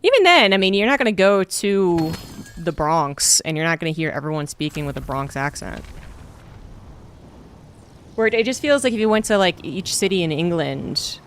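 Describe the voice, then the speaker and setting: Woman, Mid-Atlantic American accent, from Virginia, gaming streamer, casual chat, swears freely, slightly low voice. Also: animated, normal speed, a little hiss or hum. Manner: chatty, swears freely, thinks out loud.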